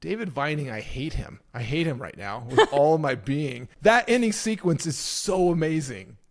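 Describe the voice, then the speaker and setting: A man's voice: on the high side, expressive, moderate pace. Male podcast cohost, casual, gushing, swears a lot. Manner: enthusiastic, swears freely. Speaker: podcast co-host. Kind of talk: casual chat.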